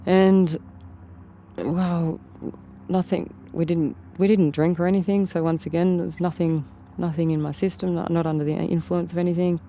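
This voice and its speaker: An interview guest with an Australian accent spins a rambling story, frequently circling back to repeat and rephrase her points. She speaks at a normal pace in a steady, warm voice on the low side, and a faint hiss or hum can be heard.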